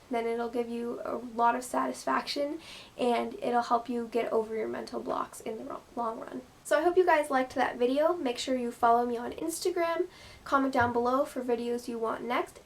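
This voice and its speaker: A woman's voice: on the high side, fairly even intonation, moderate pace, vocal fry. A woman giving casual gymnastics advice in a chatty vlog style, full of "like" and "you know". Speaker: gymnast vlogger.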